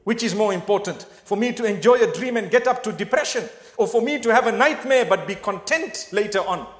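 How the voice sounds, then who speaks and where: A man's voice: high voice, animated, a little fast, a bit bright, echoey room, big-room sound. A man preaching a sermon in a mosque, earnest and speaking straight to his listeners with questions. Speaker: Islamic preacher.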